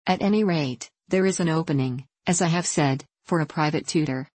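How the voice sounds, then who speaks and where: A woman reading the part of a gentle middle-aged clergyman father who speaks slowly and hesitantly. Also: sits low, dry recording. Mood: anxious. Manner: slow, measured, hesitant.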